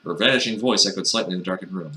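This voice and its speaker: A low-voiced man with a bright, forceful edge to his sound reads game text aloud. He keeps breaking off into wry, mocking asides, playing the dialogue for laughs. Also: racing. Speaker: let's player reading a visual novel aloud. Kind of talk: comedic reading with sarcastic asides.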